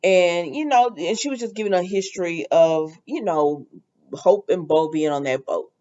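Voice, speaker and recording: A woman's voice: on the low side, normal speed, dark tone, dull audio. A woman hosting a casual soap opera recap, chatty and opinionated, with lots of fillers.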